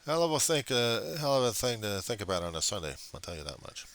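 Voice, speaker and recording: Low-voiced guy ranting on his webcam at home, swears a lot, sarcastic, punchy sound. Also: expressive, fast, a bit bright. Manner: rambling, profane and sarcastic. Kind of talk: rambling webcam rant.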